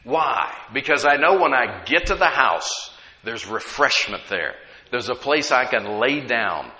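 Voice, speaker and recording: A man's voice: medium pitch, very animated, a little slow, bright, forceful tone, lo-fi sound. A man preaching a sermon to a congregation, often asking them to respond. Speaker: pastor. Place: church sanctuary. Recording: echoey hall with long reverb.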